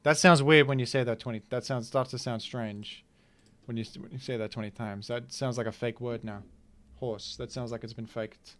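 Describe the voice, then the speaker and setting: A man hosts and commentates a live online game tournament at medium pitch and normal speed. He's excitable and playful, swinging from loud hype to quiet thanks.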